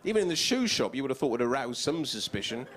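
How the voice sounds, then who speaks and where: A male stand-up comedian, animated and wry, acting out voices in his routine. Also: medium pitch, quick pace, a little hiss or hum.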